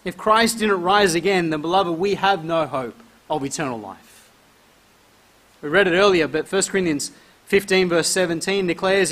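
A man's voice: sits high, unhurried, fairly bright tone. A man preaching a sermon, reading scripture aloud and pressing his points with emphatic repetition. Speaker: pastor.

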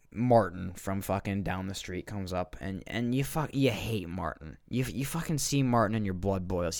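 A man's voice: on the low side, clear, resonant tone, no echo, clean studio sound. A young man hosting a podcast, telling a comic rant full of swearing, rambling and restarts. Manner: profane, rambling, restarts often. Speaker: podcast host. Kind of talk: comedic rant.

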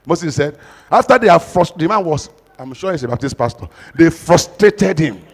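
A man with a Nigerian accent, a pastor who preaches with stories and then leads loud, fast prayer. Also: a little high, expressive, breathy edge, long reverb tail. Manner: tells a story, then prays loudly and fast in bursts. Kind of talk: sermon with storytelling and loud prayer.

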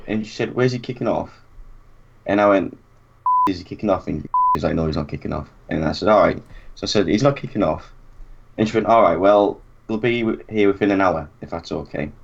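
Young man, low voice, lively storyteller who acts out the quotes; dull lo-fi recording. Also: fairly quick, gravelly, slight background noise. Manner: animated anecdote, acts out quotes, laughs often. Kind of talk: casual chat.

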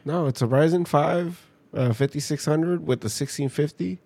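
A man in casual chat, blunt and swearing, tossing out quick asides. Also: a little high, mellow, breathy edge.

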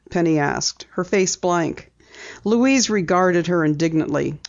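A woman narrating a vintage girls' mystery novel in a measured audiobook reading. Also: fairly low pitch, expressive, gravelly, darkish tone. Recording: dull lo-fi audiobook recording.

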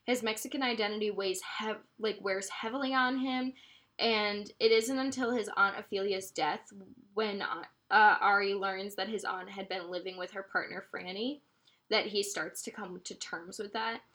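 A woman's voice: mid-range voice, fairly even intonation, normal speed, fairly bright tone. A young woman reading passages from a novel aloud and discussing them, stumbling over words as she goes. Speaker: podcast co-host reading aloud.

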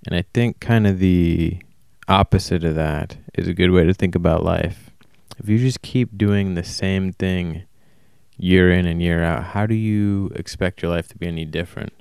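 A man talking alone in a casual, rambling monologue, flat and self-described as monotone, often stopping to correct himself. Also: low-pitched, moderate pace, vocal fry, smooth, dry recording, clean studio sound. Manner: casual, swears. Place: warm indoor room.

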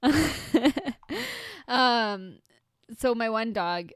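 A woman's voice: a little high, animated, extremely slow, clean tone, no room sound. A woman co-hosting a comedy podcast who chats casually, rambles and laughs often. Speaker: podcast co-host.

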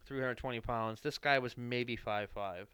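Smooth-voiced man telling a profane story. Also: mid-range voice, moderate pace, a bit bright, no echo. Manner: profane, rambling storyteller with self-deprecating asides. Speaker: podcast host. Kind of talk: casual anecdotal storytelling.

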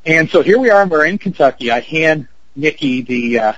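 A man's voice: on the high side, lively intonation, fairly quick, fairly bright tone, no echo, lo-fi sound. A man in his fifties, an actor and producer, telling a story in an interview in a chatty way, with lots of fillers and acted-out quotes. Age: 50s. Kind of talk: anecdote in an interview.

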